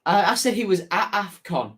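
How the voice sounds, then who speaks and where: A man's voice: sits high, sing-song, moderate pace, a bit bright. A young man with a Hull accent hosting a casual football live stream, chatting and reading out viewer messages. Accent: Hull, Yorkshire. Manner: chatty, reads out chat messages, self-correcting. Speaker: football fan channel host.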